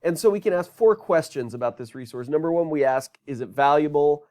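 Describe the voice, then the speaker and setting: A man's voice: fairly high pitch, brisk, darkish tone. A man teaching a business course in a recorded lecture, talking conversationally and asking rhetorical questions.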